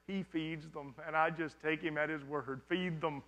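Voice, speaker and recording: A man's voice: fairly high pitch, a little slow, sharp tone. A male pastor answering congregation questions in a sermon, talking conversationally and often checking in with "you understand?".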